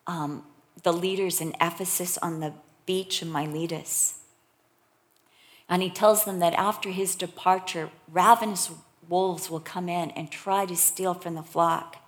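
A middle-aged woman preacher with a fairly low voice gives a sermon, telling stories with animation and swinging from loud emphasis to hushed whispers.

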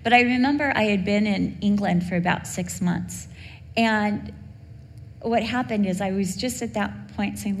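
A woman's voice: mid-range voice, unhurried. Middle-aged woman preaching in a reverberant hall. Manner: earnest, heartfelt storytelling. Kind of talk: sermon with personal story. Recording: long hall reverb, faint background hum.

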